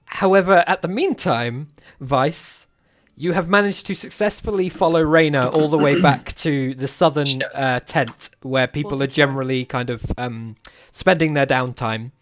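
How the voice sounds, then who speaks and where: A man's voice: on the high side, normal speed. A man narrating a tabletop game as game master, often laughing and slipping into character voices.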